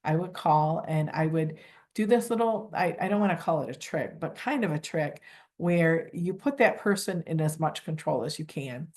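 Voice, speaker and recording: A woman in middle age with a somewhat low voice explains volunteer screening in an online training session. She talks loosely and humbly, full of everyday fillers. She often acts out her own calls with applicants. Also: a little mellow. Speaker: volunteer coordinator. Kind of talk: training webinar talk.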